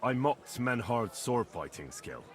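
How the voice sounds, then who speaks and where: An actor playing a young male video game protagonist, speaking in a measured, persuasive way. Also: medium pitch, big pitch swings. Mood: calm.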